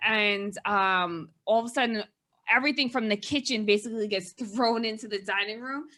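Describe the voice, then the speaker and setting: A woman's voice: mid-range voice, moderate pace, sharp tone. A woman co-hosting a casual movie review chat, recapping the plot in a rambling way full of "like" and "kinda".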